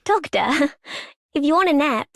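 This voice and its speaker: A cheerful young game heroine with a put-on Australian accent. Her voice sits high and leaps around playfully. The delivery is bright and giggly. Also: expressive, measured pace.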